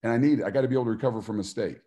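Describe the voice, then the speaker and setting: A middle-aged former football player and coach gives a motivational talk full of stories, acting out the voices of the people he quotes and laughing often. He talks at a racing pace in a mid-range voice with a dark tone.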